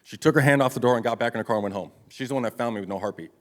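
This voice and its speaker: A man in his thirties speaks at a brisk, rushing clip in a mid-range voice, delivering a live motivational talk. He recounts his life plainly and bluntly, swearing freely as he goes. His delivery is confessional and direct. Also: medium pitch. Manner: blunt, profane, confessional storytelling. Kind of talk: live motivational speech, personal story. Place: event stage before an audience.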